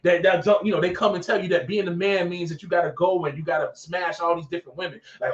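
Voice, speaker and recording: Guy giving a casual sermon from his office, high voice, dull echoey sound, kinda far from the mic. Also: fast, few pauses. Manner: animated, acts out characters in skits; informal, repeats phrases for emphasis. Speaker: podcast host. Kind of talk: casual preaching monologue.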